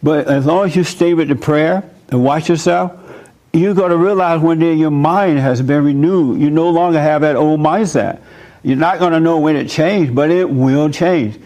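A man's voice: a little high, mellow. A man preaching informally and answering listener questions, speaking conversationally, telling personal stories and chuckling often. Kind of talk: informal sermon.

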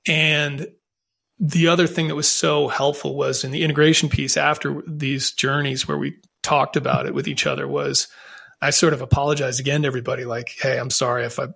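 A man's voice: fairly high pitch, level tone, a little fast, creaky, sharp tone. A man telling his own story as a podcast guest, in an earnest, reflective way with frequent restarts. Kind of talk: candid conversational storytelling.

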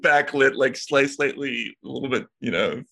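A man's voice: medium pitch, moderate pace, vocal fry, breathy edge. A middle-aged man co-hosting a podcast, chatting casually with a wry, teasing manner. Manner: wry, teasing, lively storytelling. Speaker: podcast co-host. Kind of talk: casual chat.

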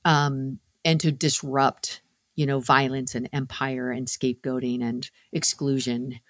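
Impassioned speaker, mid pitch, dry close mic, repeats phrases in building runs, faith podcast chat. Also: level tone, a little slow, no echo. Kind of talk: casual faith discussion.

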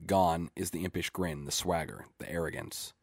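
A man reading a short story aloud in a measured, deadpan way. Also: sits low, gravelly, breathy edge, dry recording, studio quality. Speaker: story reader.

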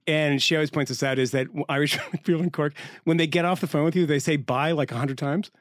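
Guy on a podcast, kinda high voice, lively storyteller who does accents, dry close sound. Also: quick pace, dry recording. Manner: animated storyteller, mimics accents and swears. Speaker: podcast co-host. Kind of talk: casual chat.

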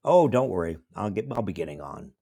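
An older man voicing a friendly, eager young Southern man who grins and chats warmly. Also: deep voice, sing-song, brisk, creaky, slightly rough, full character voice.

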